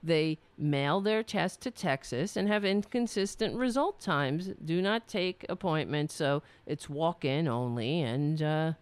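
Sarcastic woman with lively pitch. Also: a little slow, hardly any pauses, smooth, dry recording. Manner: sarcastic, mocking, swears freely. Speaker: commentator. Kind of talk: commentary reading emails aloud.

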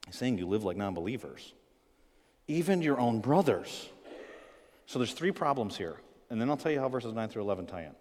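A man preaching a sermon, telling a story with animated acted-out quotes and swinging between loud emphasis and quiet asides. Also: medium pitch, in a large hall. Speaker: pastor.

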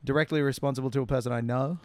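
A young man co-hosting a casual comedy podcast, trading deadpan quips. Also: medium pitch, racing, dry recording. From Australia. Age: young adult. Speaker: podcast co-host.

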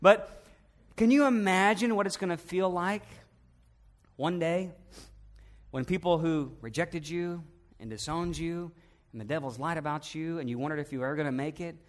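A male pastor preaching a sermon, asking the congregation direct questions and swinging between loud emphatic peaks and hushed, intimate passages. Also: a little high, moderate pace, pauses often.

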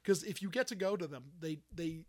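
A man's voice: on the high side, a little fast. A man hosting a podcast, telling stories in casual chat and acting out the dialogue. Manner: animated storyteller who acts out quoted dialogue. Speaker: podcast host.

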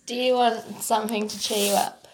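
Mujer británica charlando con soltura. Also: female voice, a little high, level tone, moderate pace, a little hiss or hum. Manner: chatty storyteller, swears, laughs often. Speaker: podcast co-host. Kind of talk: casual chat.

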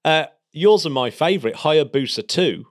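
A man co-hosting a podcast, chatting excitedly about space news with plenty of fillers and restarts. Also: fairly high pitch, normal speed. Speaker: podcast co-host. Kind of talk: casual space news chat.

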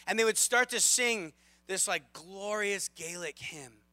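A man in his thirties preaching a sermon as a lively, self-deprecating storyteller, with big swings in loudness. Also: sits high, a little slow, dry recording. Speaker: pastor.

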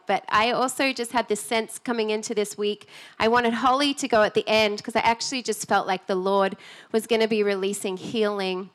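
A woman hosting a church conference, bubbly and giggly as she introduces the next speaker. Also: medium pitch. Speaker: event host. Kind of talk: emcee introduction.

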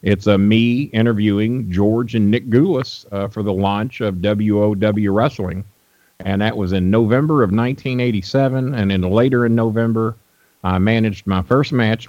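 Guesting on an interview show, a wrestling manager from Louisville, Kentucky, tells loose, cuss-filled stories at a moderate pace. His voice is fairly low with a darkish tone, recorded with no room sound and the highs cut off.

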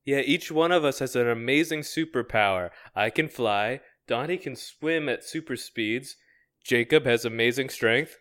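A man co-hosting a comedy podcast in loose banter. His voice is bright and clear, with a crisp edge. He jokes freely and laughs often. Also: mid-range voice, normal speed. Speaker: podcast co-host. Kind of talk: casual comedic chat.

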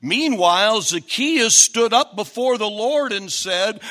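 Male preacher, high voice, unhurried sermon delivery, emphatic with shouted peaks. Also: expressive. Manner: emphatic, rising to shouts at key points; repetitive, stacked phrases.

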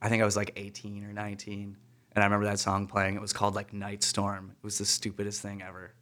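Relaxed man in his thirties, casual co-host, rambling and laughing storyteller. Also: lowish voice, quick pace. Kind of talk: casual chat.

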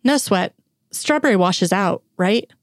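A woman's voice: medium pitch, lively intonation, measured pace, no room sound, studio quality, lightly acted. A woman reading an audiobook, voicing a cocky, slick young man with a pushy, sarcastic manner. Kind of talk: audiobook character voice.

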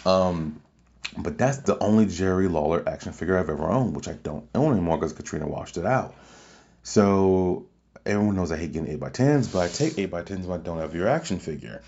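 A man hosting a podcast, telling a long casual story in a rambling, excitable way with many fillers and restarts. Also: low-pitched, brisk, highs cut off. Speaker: podcast host.

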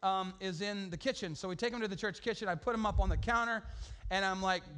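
A pastor tells a sermon story in a high, bright voice. He is animated and funny, full of casual slang, and bursts into loud shouts at the funny parts. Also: fairly quick, clean tone.

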